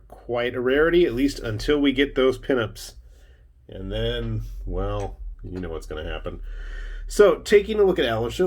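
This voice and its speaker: Chatty man hosting a hobby video. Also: medium pitch. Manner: chatty and self-deprecating, with wry asides. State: hiccuping. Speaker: miniatures hobby channel host. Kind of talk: casual unboxing and build commentary.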